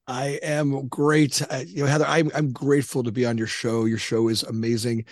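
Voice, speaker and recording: A man in his fifties talks as an interview guest, wandering through his story with frequent restarts and fillers. His voice sits at an ordinary middle pitch, and the recording is close and dry. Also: little pitch movement, normal speed, dry recording. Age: 50s. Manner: rambling, many restarts and "you know"s. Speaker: guest entrepreneur.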